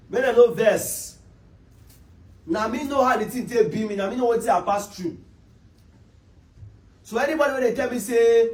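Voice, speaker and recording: A Nigerian man delivers a heated, scolding rant straight to his online audience, circling back over the same lines in exasperation. His voice sits high for a man and has a husky, breathy edge. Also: a little mellow, low-quality recording.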